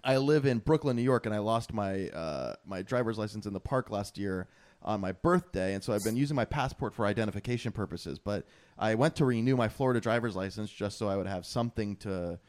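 A man's voice: on the low side, expressive, brisk, a little mellow. A young man hosting a casual podcast, joking, laughing often and rambling into asides, recording from his father's home office. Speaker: podcast host. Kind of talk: casual chat.

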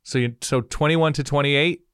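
A man's voice: a little high, steady tone, a bit bright, clean tone, dry recording, clean studio sound. A man in his thirties co-hosting a podcast, in casual chat, firing off probing questions one after another. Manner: probing, rapid-fire questions. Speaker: podcast co-host.

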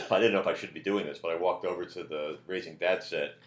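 Very low-voiced guy spinning a showbiz yarn, loud, roomy echo. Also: brisk. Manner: loud, animated when quoting others. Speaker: comedian guest. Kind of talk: casual storytelling chat.

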